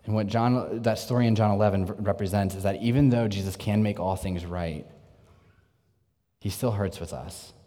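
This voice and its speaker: A man preaching a sermon in an earnest way, moving between lively bursts and hushed, intense passages. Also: lowish voice, moderate pace. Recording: long reverb, echoey hall.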